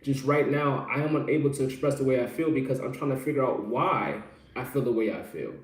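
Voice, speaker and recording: A man's voice: medium pitch, brisk, roomy sound. A man giving relationship advice as a coach in an earnest, explanatory live-stream talk, often repeating his phrases.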